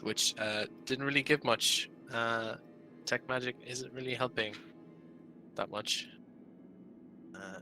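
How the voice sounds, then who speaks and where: Man with a sharp, tense voice. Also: fairly low pitch, poor audio. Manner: hesitant, full of fillers. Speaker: player. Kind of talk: casual tabletop play.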